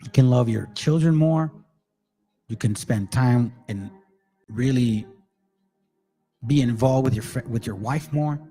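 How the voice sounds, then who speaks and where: A man's voice: mid-range voice, measured pace, long pauses, mellow, husky, soft background music. A man hosting his own channel, talking loosely to viewers he calls family and swearing freely. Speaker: channel host. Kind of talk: casual monologue to viewers.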